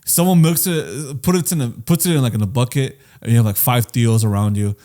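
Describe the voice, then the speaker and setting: A young man co-hosting a casual comedy podcast, crude and excitable, spinning wild hypothetical scenarios. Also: mid-range voice, fairly quick. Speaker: podcast co-host.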